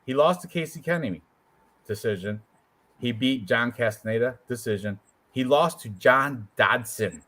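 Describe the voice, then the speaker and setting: A man co-hosting a casual show about fight predictions, joking and animated as he talks through his picks. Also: mid-range voice, normal speed. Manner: joking, animated, puts on quoted voices. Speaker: co-host picking fights. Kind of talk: casual chat.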